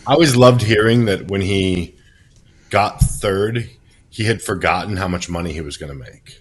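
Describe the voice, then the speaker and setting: Low-voiced man chiming in. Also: normal speed, husky. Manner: brief, agreeable interjections. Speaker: podcast producer. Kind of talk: casual chat.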